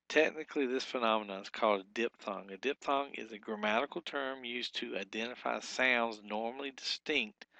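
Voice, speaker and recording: A man teaching a recorded lecture, explaining patiently, repeating terms slowly, with frequent fillers. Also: mid-range voice, pushed and bright, no room sound. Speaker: Hebrew teacher.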